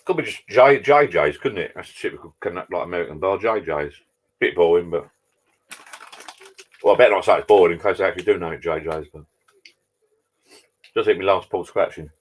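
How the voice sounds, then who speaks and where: A man with a low, deep voice, hosting a relaxed live chat over drinks. He banters and jokes cheekily, greets viewers by name and reads out their messages in an easygoing way. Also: brisk, long pauses. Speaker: live-stream host. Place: home garden bar.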